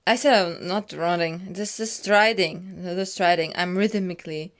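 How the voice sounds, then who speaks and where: She narrates her video in a rambling, relaxed way, often giggling and alternating between excited loud moments and hushed asides. The pitch is on the lower side and her speed is normal.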